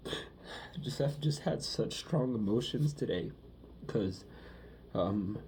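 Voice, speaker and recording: A young man talking through his feelings in a personal monologue, halting and rambling, with many fillers. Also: mid-range voice, expressive, darkish tone, a little hiss or hum.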